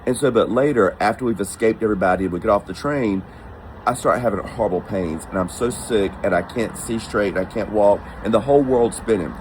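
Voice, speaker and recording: A man with a voice on the low side recounts a personal travel story a little fast, casual and animated, acting out the voices of the people in it. The rough recording has a little hiss or hum.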